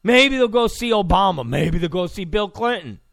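High-pitched, gravelly sarcastic man ranting. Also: animated, normal speed, a bit bright, no echo, clean studio sound. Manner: sarcastic, mocking, blunt. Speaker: political commentator. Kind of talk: ranting political commentary.

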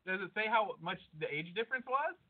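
A podcast co-host with a high, lively voice chats casually, excitable, swearing, and quick to speculate. The line sounds tinny and narrow, like a phone.

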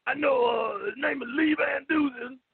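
A man talking on a radio show, loud and profane, stammering and repeating himself, sometimes shouting. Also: very high voice, normal speed, creaky. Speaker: call-in guest. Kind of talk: loud rambling radio talk. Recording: lo-fi phone line.

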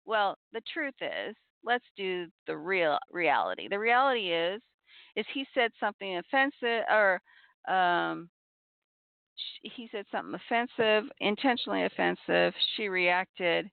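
Gravelly-voiced woman, tinny dry audio. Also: mid-range voice, lively intonation, no echo. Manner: earnest, measured, repeats key points. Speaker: podcast host on abuse recovery. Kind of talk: reflective advice talk.

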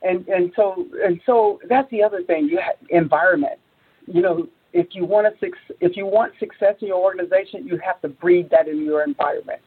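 Sex: woman. Role: entrepreneur guest. Style: animated storytelling, acting out quotes. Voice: very husky. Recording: narrow, phone-like line. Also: a little fast. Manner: acts out quotes, climbs high when excited, many restarts.

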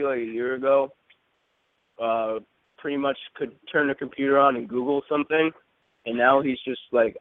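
Young male guest, relaxed and halting, dry tinny phone audio. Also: mid-range voice, no room sound. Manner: easygoing, hesitant with ums. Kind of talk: casual radio interview.

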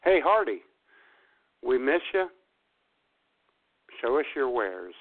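Lively male radio co-host, tinny. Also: mid-range voice, slow. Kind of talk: casual chat. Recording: tinny phone-like sound.

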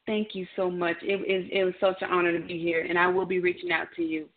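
A woman's voice: fairly low pitch, level tone, fast talker. A woman guest speaking as a life coach in a radio interview, earnest and encouraging. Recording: tinny phone-like line.

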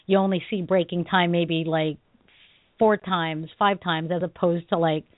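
A woman's voice: fairly low pitch, a little slow, dry recording. Martial arts teacher lady co-hosting talk radio, laughs a lot, ums everywhere, thin phone-line sound. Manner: animated storytelling, laughs often, many fillers. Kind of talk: casual radio chat. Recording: dry, tinny phone line.

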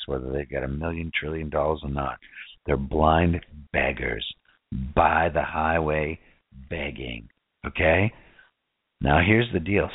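A man's voice: very deep voice, husky, dry recording. A man preaching a casual sermon who keeps asking his listeners rhetorical questions and "right?". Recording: tinny phone-like dry sound.

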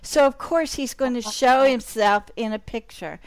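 A woman's voice: on the high side, moderate pace, no echo. A woman hosting a talk show, chatting casually and reacting to her guest. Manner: responsive, with short reactions. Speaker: podcast host. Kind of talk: casual interview chat.

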